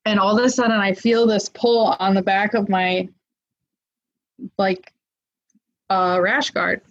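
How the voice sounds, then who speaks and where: A woman telling a story in a casual, lively way, with lots of fillers, acting out what people said. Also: mid-range voice, slow pace. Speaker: guest. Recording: muffled lo-fi audio.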